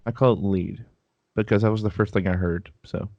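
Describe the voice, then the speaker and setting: A man's voice: on the low side, steady tone, fast, darkish tone, no echo, highs cut off. A man co-hosting a casual anime chat, talking in a chatty, defensive way and laughing easily. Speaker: podcast co-host.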